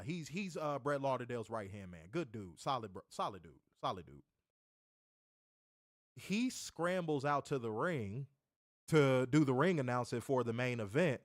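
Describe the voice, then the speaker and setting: A man's voice: medium pitch, no room sound, clean studio sound. A man hosting a wrestling show, telling a story in a casual, rambling way. He repeats himself, corrects himself and swears.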